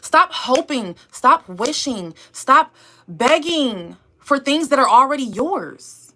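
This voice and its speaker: Bright-voiced woman youtuber hyping up her viewers, repeats herself a lot, says y'all and babe. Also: high voice, very animated, takes it slowly. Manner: emphatic, repetitive, calls viewers y'all and babe. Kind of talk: motivational pep talk.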